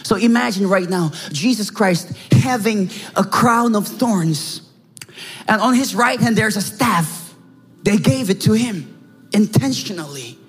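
A man with a Korean accent preaching a dramatic sermon, acting out scenes with shouts and hushed lines. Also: high voice, expressive, measured pace, slightly rough. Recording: reverberant hall with faint music.

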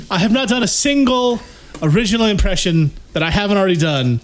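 A man hosting a casual impressions game, dry and teasing. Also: sits high. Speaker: game host.

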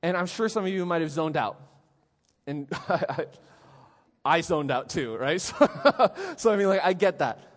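A middle-aged male pastor gives a relaxed, conversational sermon, telling lively stories and checking in with "right?" after many of his points. His voice sits a little high for a man. A long reverb trails behind him in the church hall. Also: normal speed. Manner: animated storytelling, frequent "right?".

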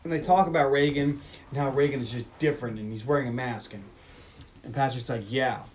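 A man hosting a podcast, casually retelling a film's plot in a brisk storytelling manner. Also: medium pitch, steady tone, distant mic, slight background noise. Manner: brisk storytelling, mimics characters. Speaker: podcast host. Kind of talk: casual film recap.

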